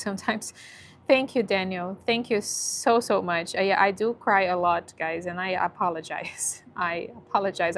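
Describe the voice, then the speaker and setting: An emotional woman chats casually on a phone livestream from an animal shelter, laughing often and lifting into gentle baby talk with the dogs. Her voice sits at a middling pitch, and a faint hiss of background noise runs under the recording. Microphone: handheld phone.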